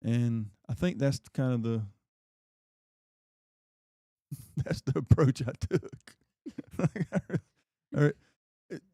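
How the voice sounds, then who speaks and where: A blunt, halting man chats on a podcast. His voice is very dark and mellow, at an ordinary male pitch. The recording is dry and close. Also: lively intonation, no room sound. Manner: blunt, halting, repeats words. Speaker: podcast co-host. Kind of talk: casual conversational podcast.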